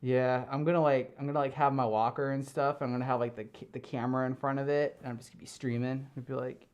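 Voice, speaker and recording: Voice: mid-range voice, flat delivery, quick pace, hardly any pauses, a little mellow. Rambling, giggly streamer chatting through a fursuit, reading comments from the chat. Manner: rambling and giggly, full of fillers. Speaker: live streamer. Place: home streaming room.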